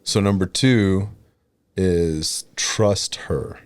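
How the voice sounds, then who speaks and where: Male co-host, 30s, deep voice, hesitant delivery with restarts, dry close studio sound. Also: extremely slow, dry recording. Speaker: podcast co-host. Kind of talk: casual marriage chat.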